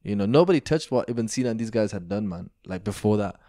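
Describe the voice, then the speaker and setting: A young man, a podcast guest, telling stories in a lively, chatty way, full of slang and fillers. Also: on the low side, fast talker, no echo, studio quality. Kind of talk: animated storytelling in casual chat.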